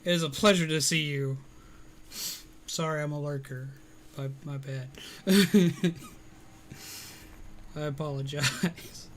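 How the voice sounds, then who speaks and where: A man casually chatting on a live stream, answering viewers, rambling with fillers and quick to laugh. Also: on the high side, steady tone, slight background noise. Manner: rambling, many fillers, laughs easily, greets viewers loudly.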